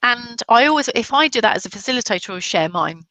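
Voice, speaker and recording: A woman with a softened Black Country accent, a guest chatting casually in an interview, telling stories with many restarts and laughs. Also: fairly high pitch, lively intonation, fast talker, dry recording. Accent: Black Country English, softened. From Black Country, England.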